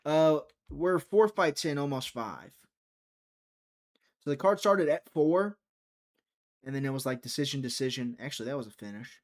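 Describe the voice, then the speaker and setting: A man's voice: fairly high pitch, moderate pace, pauses often. A young man hosting a live fight-watching stream, chatty and teasing, reading viewer chat aloud.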